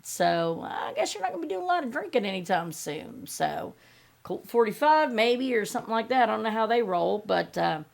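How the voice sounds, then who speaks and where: A woman's voice: a little high, very animated, moderate pace, vocal fry. A woman, hosting a podcast and ranting bluntly and sarcastically, with heavy swearing. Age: 50s. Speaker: podcast host. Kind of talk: angry opinion rant.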